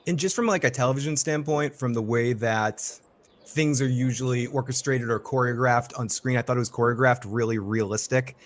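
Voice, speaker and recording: A man with a mid-range voice chats on a livestream. He rambles at a relaxed pace, leaning on fillers. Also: medium pitch, brisk. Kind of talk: casual livestream chat.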